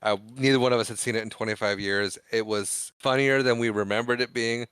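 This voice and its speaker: A man's voice: mid-range voice, fairly even intonation, a little fast, fairly bright tone, smooth, dry recording. A man co-hosting a podcast, retelling film scenes in casual chat and acting out the lines. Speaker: podcast co-host.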